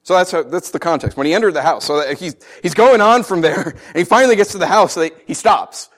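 A pastor with a high voice talks fast as he preaches a sermon. He reads scripture and animatedly acts out the voices of the people in it, laughing as he goes.

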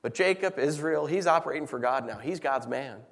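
A male pastor delivers a sermon in an animated way, slipping into quick voices to act out a story. His voice sits a little high for a man. The room around him rings with a long hall reverb. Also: gravelly. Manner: animated, acts out voices in anecdotes.

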